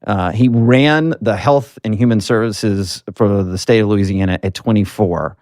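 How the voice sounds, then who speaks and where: A political marketing guest from Alabama in the US South speaks in a fairly low, a little mellow voice, a little slowly, telling stories earnestly with lots of fillers during a casual interview. The sound is clean studio with no room sound.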